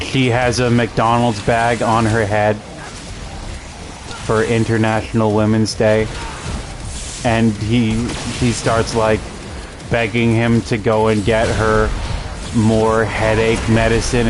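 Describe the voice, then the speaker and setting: A man's voice: fairly low pitch, background noise. A man casually commenting over a game he is playing, telling rambling, amused stories. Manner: rambling, amused storytelling with fillers. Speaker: gameplay streamer.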